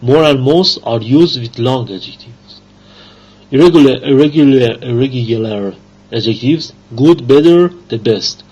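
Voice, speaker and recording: Slow husky man reading grammar. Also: medium pitch, a little mellow. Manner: slow, halting reading with fillers. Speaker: English grammar teacher. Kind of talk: reading grammar lesson aloud. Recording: dull lo-fi recording.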